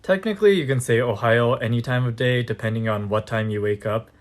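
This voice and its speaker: A man's voice: medium pitch, brisk. A young man giving a comedic short-form language lesson, jokey and playful, full of puns, recorded on a phone. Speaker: language teacher on short videos.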